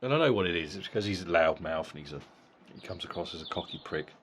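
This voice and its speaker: Deep-voiced blunt man reviewing a boxing fight. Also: animated, fast, fairly bright tone, breathy edge. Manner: blunt and profane, with frequent repeated words. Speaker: boxing vlogger.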